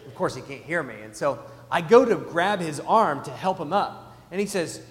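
A man in his thirties preaching a sermon as a pastor, telling stories with big swings from loud to hushed. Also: a little high, animated, moderate pace. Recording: echoey hall.

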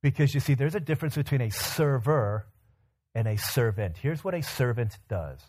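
A man's voice: mid-range voice, animated, moderate pace, a little mellow, breathy edge. Man preaching a conversational sermon. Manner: storytelling with acted quotes and rhetorical questions. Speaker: pastor.

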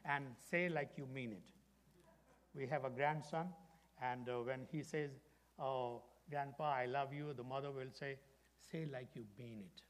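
An older man preaching a sermon as pastor, dramatic and storytelling, dropping from loud emphasis to hushed whispers. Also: medium pitch, fairly even intonation, unhurried. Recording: long echoing hall reverb.

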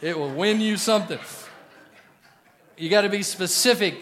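A middle-aged man preaching a sermon to a congregation in a joking, animated way, swinging from loud punchlines to quiet, earnest asides. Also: high-pitched, normal speed, long pauses. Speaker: pastor.

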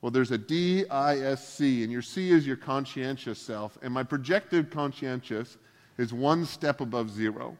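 A man's voice: medium pitch, normal speed. A male pastor giving a casual sermon, full of joking, self-deprecating asides. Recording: long hall reverb.

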